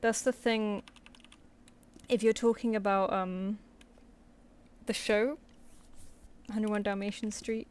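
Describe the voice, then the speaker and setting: This woman, an artist on a live stream, talks loosely with viewers as she draws, wandering between topics and laughing readily. She speaks slowly with long pauses, at a medium pitch with fairly even intonation, and the sound is clean.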